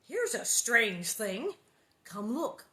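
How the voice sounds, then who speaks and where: A woman reading aloud and voicing a steady, serious pioneer father. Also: a little high. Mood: grave. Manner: measured, earnest.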